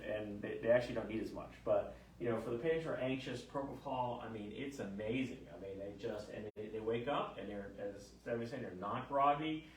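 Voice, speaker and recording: A man's voice: mid-range voice, a little fast, few pauses, a little hiss or hum. A man in his fifties, a fertility doctor, chatting casually and telling stories with lots of fillers. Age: 50s. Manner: chatty, animated storyteller with many fillers. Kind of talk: casual chat. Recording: echoey room, mic at a distance.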